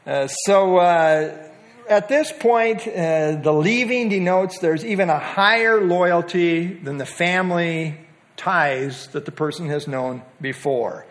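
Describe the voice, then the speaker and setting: In a high-pitched voice, an older man talks through a Bible passage in a casual teaching. He speaks in a folksy, halting manner with gentle humor, frequently pausing and restarting his sentences.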